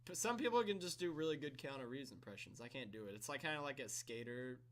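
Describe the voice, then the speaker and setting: A man's voice: medium pitch, animated, quick pace. A young man co-hosting a casual podcast, laughing easily and swearing casually. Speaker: podcast co-host. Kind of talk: casual chat.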